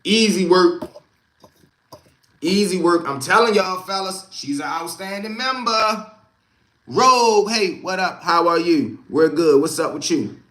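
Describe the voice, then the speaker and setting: Bright, high-pitched streetwise man. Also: measured pace, roomy sound. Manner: streetwise, storytelling, greets viewers by name. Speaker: livestream host. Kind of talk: casual livestream chat.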